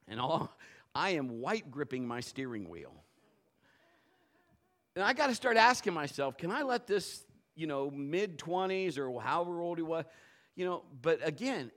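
A middle-aged man preaching a sermon as a pastor, telling a story and swinging from low murmurs to loud outbursts.

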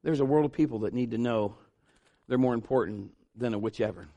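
A male pastor preaching a sermon in an animated, joking way, acting out the voices of the people he talks about. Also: medium pitch, brisk, dry recording, highs cut off.

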